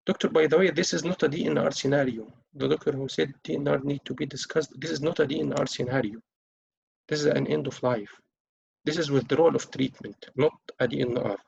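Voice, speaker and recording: A man's voice: fairly high pitch, fairly even intonation, brisk, gravelly, a little mellow, slight background noise. A man teaching doctors how to break bad news, acting out the doctor and the relatives as he goes. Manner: acts out doctor and relative lines in a teaching session. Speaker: medical exam tutor. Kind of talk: teaching communication skills with role-play. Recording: dull lo-fi recording.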